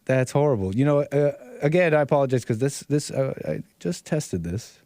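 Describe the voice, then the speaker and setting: A man's voice: mid-range voice, expressive, moderate pace, mellow, dry recording, clean studio sound. A man hosting a call-in livestream show, talking casually in a rambling way, repeating phrases and chuckling often. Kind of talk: casual talk-show commentary.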